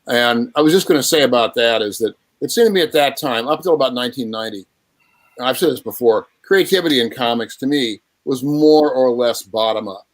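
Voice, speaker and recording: Measured man speaking dryly on a panel. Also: medium pitch, dry recording. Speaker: comic artist panelist. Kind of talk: reflective panel talk.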